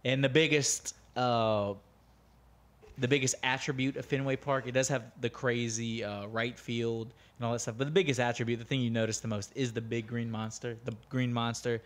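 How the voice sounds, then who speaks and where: A man's voice: mid-range voice, level tone, normal speed. Blunt, profane American man. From United States. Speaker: podcast co-host. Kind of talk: casual chat.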